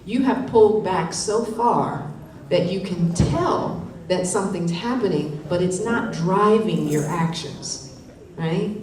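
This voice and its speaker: Workshop presenter, woman, lowish voice, coaching style, distant mic in a very echoey hall with faint noise. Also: slow, darkish tone. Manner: coaching, tags points with "right?". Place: conference hall.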